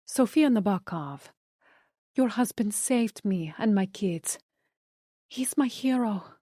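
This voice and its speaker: A woman's voice: mid-range voice, lively intonation, slow, dark tone, dry recording, studio quality. A woman voicing a statuesque, gushing socialite with a Spanish accent. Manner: effusive, breathless admiration.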